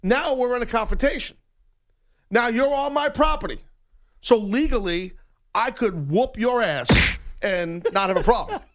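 A man's voice: very high-pitched, a little slow. A man hosting a sports radio talk show, telling a long story and acting out every voice in it. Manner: animated storyteller acting out both sides of a confrontation.

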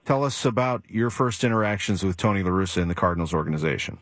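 Low-voiced male radio host, dry studio. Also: expressive, quick pace, dry recording. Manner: enthusiastic, conversational. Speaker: radio talk show host. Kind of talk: radio show hosting. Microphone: studio microphone.

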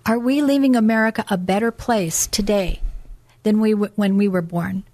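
A woman's voice: medium pitch, normal speed, darkish tone. A middle-aged woman on a religious talk show, speaking earnestly and preachily and reading founding texts aloud.

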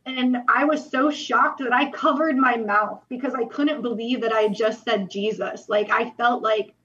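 A woman's voice: a little high, normal speed, a bit bright, highs cut off. A young woman telling her personal testimony as a podcast guest, earnest and emotional, with many "like" fillers.

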